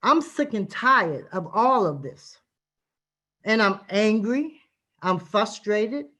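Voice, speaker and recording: A woman's voice: medium pitch, animated, slow, a bit bright. Fired-up activist lady speaking at a city hearing on a video call, middle-aged, hammering her points over and over. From Boston, Massachusetts. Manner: impassioned, emphatic and repetitive. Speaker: community activist. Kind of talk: public testimony at a city hearing.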